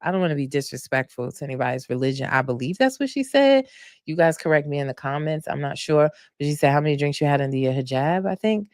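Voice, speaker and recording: A woman hosting a casual reality TV recap, animated, laughing and loudly mimicking cast members. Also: sits low, fast talker, dry recording, studio quality. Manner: animated storytelling with frequent laughs and loud mock-quotes. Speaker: podcast host recapping reality TV.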